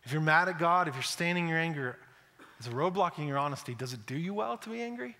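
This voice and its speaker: A man's voice: on the high side, animated, fast talker, sharp tone. A male pastor preaching a conversational sermon, acting out quotes and often repeating words. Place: church sanctuary. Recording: echoey church hall.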